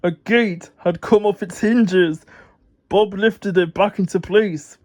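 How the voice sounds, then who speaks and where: Guy reading a kids' book out loud, slow and easy, trips on words sometimes. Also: high voice, fairly even intonation. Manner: unhurried, occasional stumbles. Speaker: storybook reader. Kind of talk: reading a children's book aloud.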